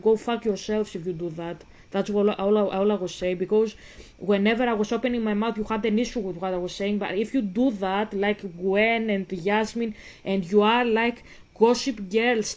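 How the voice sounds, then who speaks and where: A woman's voice: on the high side, a little mellow. A woman gaming vlogger who gives blunt, ranting commentary and swears freely. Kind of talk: casual commentary while playing a game.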